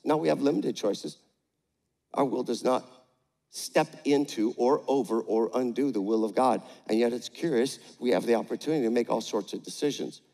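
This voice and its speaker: An older pastor with a medium-pitched voice preaches a sermon with a live demonstration on stage in a large church auditorium, and the echoey hall is audible in the recording. He's energetic with the crowd, rallying them with call-outs, but turns gentle and playful when talking to a child.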